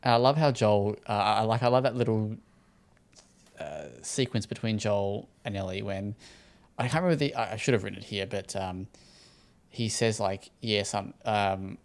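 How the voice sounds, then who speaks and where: Aussie bloke rambling thru a tv recap, lowish voice, swears a lot, laid back. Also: male voice, moderate pace. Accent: Australian. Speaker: podcast co-host. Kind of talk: casual chat.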